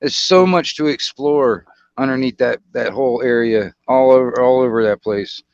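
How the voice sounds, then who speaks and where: An American man chats loosely on a video call, stumbling through fillers and casual slang. His talk is halting but friendly in tone. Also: mid-range voice, clean tone, muffled recording.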